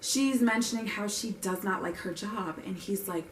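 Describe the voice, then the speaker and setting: A woman's voice: mid-range voice, moderate pace, few pauses, a little hiss or hum. A young woman giving a casual, opinionated film recap with wry asides. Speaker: vlogger reviewing a film. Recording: roomy, distant mic.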